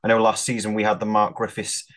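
A man's voice: on the low side, completely flat delivery, fast talker, fairly bright tone. A man co-hosting a podcast and asking the guest questions. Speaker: podcast co-host. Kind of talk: casual podcast chat.

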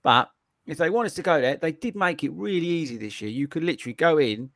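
A man hosting a running podcast, telling stories in an excitable, animated way. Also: a little high, fast, no echo, studio quality. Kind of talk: casual chat.

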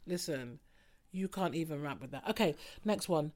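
A woman's voice: low voice, lively intonation, moderate pace, a little mellow. A woman hosting a podcast, chatting casually and teasing her co-host. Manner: cheeky, teasing, laughs often. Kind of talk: casual chat.

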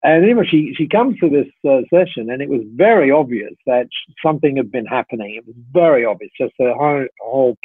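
A man's voice: medium pitch, expressive, fast, hardly any pauses, slightly rough, no echo. A middle-aged man telling a story as a podcast guest, chatty and full of fillers and restarts. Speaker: podcast guest, company founder. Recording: tinny phone-like line, dry.

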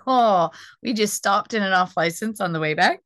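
A young American woman, a stand-up comedian, telling a story in casual chat, animated and laughing often. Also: mid-range voice, normal speed, no echo. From United States.

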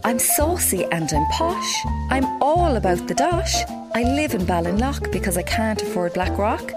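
A woman's voice: a little high, very animated, a little slow, over loud music. A woman with a Cork accent voicing a posh, snobbish, brash female agony aunt in a comedy sketch. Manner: brash, rhyming, mocking.

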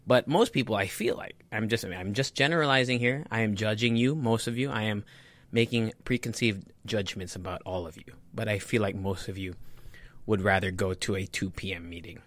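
A man's voice: lowish voice, normal speed, fairly bright tone. A man rambling casually and jokingly through an article, correcting himself often and swearing freely. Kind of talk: casual solo chat reacting to an article.

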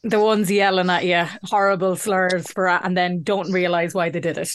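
A woman's voice: lowish voice, steady tone, normal speed, a little hiss or hum. A woman hosting a podcast, chatting casually and laughing along with her guest. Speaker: podcast host. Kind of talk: casual interview chat.

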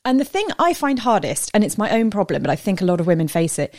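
A woman's voice: medium pitch, sing-song, fast talker, darkish tone, dry recording, studio quality. Chatty, candid woman podcaster. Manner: candid, chatty, calls people pal. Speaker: garden designer, podcast co-host. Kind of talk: casual chat.

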